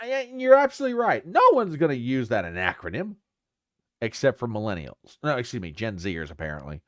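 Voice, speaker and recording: A man's voice: medium pitch, no room sound, studio quality. An older man hosting a casual talk show, reading news aloud with sarcastic asides. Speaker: podcast host. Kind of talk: casual livestream commentary.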